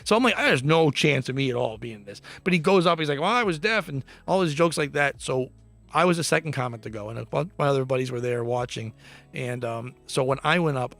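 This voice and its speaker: Brash fast-talking crude male comedian. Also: medium pitch, animated, gravelly, fairly bright tone, soft background music. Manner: crude, brash storyteller with frequent swearing. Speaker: podcast guest, comedian. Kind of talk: casual chat.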